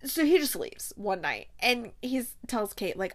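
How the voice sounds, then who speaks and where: A woman podcast host chatting casually through a romance novel recap, animated and laughing often. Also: fairly high pitch, moderate pace, few pauses.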